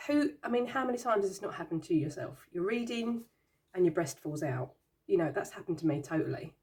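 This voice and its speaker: A woman's voice: on the low side, warm tone. A woman hosting her own channel, chatting casually as she shows things, giggling and sounding amused and baffled. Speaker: tarot channel host. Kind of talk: casual show-and-tell chat.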